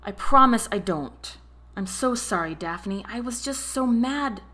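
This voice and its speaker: A man's voice: very high-pitched, animated, unhurried, bright, forceful tone, pitched above the performer's own voice, full character voice. A woman voicing an apologetic young man. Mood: pleading. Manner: pleading, solemn, hesitant.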